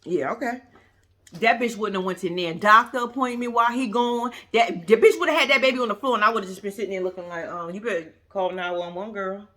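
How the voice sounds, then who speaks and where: A woman's voice: a little high, animated, fast talker, sharp tone. A woman giving blunt, profane, casual reaction commentary to her viewers. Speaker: reaction vlogger.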